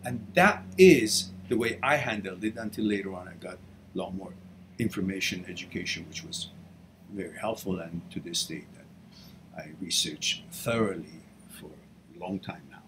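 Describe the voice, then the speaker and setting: A man's voice: sits low, normal speed, fairly bright tone, slight background noise. A middle-aged man hosting a live question-and-answer session, telling his own story in an earnest, emphatic way. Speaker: host answering viewer questions. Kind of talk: live Q&A talk.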